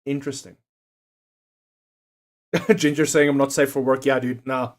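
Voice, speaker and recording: A man's voice: medium pitch, level tone, measured pace. A young man chatting casually on a livestream, swearing and joking as he reads out quiz options. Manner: profane, jokey, reads quiz options aloud.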